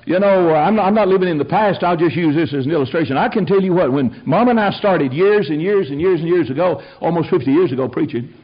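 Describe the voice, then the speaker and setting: An older man preaching a sermon in a fiery, folksy way, rising to shouted peaks. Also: on the high side, quick pace, hardly any pauses, slightly rough, lo-fi sound. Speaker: pastor.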